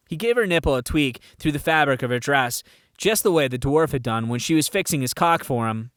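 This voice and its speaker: Smooth-voiced man narrating an audiobook. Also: mid-range voice, animated, fairly quick, fairly bright tone, dry recording, clean studio sound.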